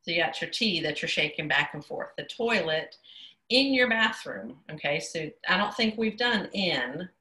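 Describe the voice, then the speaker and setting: Lady teaching a sign class on a video call, bright punchy voice, lots of yep and y'all, echoey room. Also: on the low side, expressive, moderate pace. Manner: chatty, self-correcting, says "y'all" and "yep" often. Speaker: sign language instructor. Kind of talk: casual online class teaching. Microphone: computer mic on a video call.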